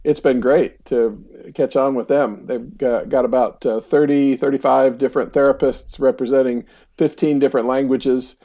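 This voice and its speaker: A middle-aged American man with a warm, mellow tone speaks as a podcast guest, chatty and relaxed with plenty of ums and easy laughter. His voice comes through slightly dull and lo-fi, as over a remote call. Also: medium pitch, moderate pace. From United States. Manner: relaxed, chatty, laughs easily, frequent fillers. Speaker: counselor guest. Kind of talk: casual interview storytelling.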